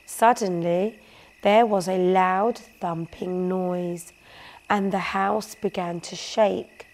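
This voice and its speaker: A woman reads a bedtime story aloud at a slow, unhurried pace. Her delivery is gentle, and she pauses to put questions to her listeners. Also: on the low side, steady tone.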